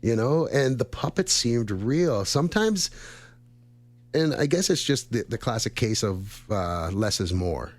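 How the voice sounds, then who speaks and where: A man's voice: medium pitch, expressive, measured pace. A man in his thirties co-hosting a radio show, chatting casually in a rambling, friendly way and laughing often. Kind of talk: casual chat.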